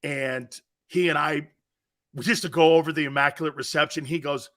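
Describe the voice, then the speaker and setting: A man's voice: on the high side, steady tone, moderate pace, pushed and bright. A man hosting a sports talk show, chatting energetically, telling stories and reading viewer comments aloud. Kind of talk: casual sports talk and storytelling.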